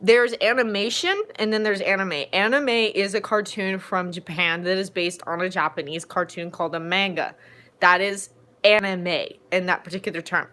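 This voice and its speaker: A chatty adult woman at home hosts a casual live-stream Q&A about her fanfiction readings. She rambles easily and leaps into sudden excited bursts, in a voice of ordinary middle pitch for a woman. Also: moderate pace. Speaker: fanfiction audiobook narrator and streamer.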